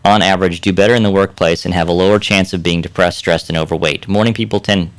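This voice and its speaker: A man's voice: sits low, fairly even intonation, fast talker, no echo. A man co-hosting a radio health show as a doctor, easygoing and chuckling, talking through his points with fillers, recorded on a studio mic. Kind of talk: casual radio chat.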